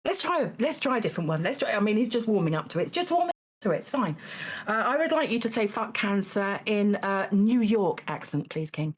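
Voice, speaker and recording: A woman hosting a live-streamed game show, halting and full of fillers, with dry teasing asides. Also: medium pitch, sing-song. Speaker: game show host judging contestants.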